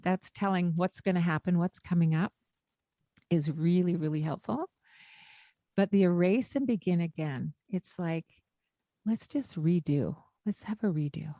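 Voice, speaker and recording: Podcast co-host, woman, low-pitched, dry close sound, coaching parents. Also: lively intonation, measured pace, no room sound. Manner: warm, coaching tone with acted-out lines to a child. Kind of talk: casual podcast chat.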